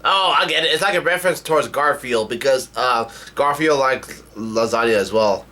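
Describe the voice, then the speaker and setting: A man casually reading a manga chapter aloud and reacting, halting with many restarts. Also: mid-range voice, pushed and bright.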